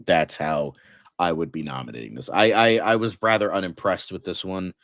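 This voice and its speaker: Rambling, cussing man with a low voice. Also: fairly quick, a bit bright, dry recording, clean studio sound. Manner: rambling, swears freely, many fillers. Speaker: podcast co-host. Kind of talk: casual movie chat.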